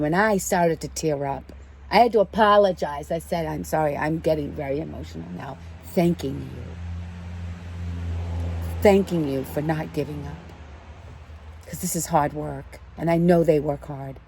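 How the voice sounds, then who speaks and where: A woman's voice: mid-range voice, mellow, slight background noise. A woman giving a casual spiritual card reading in a preachy, emphatic way, repeating her key phrases. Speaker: tarot card reader.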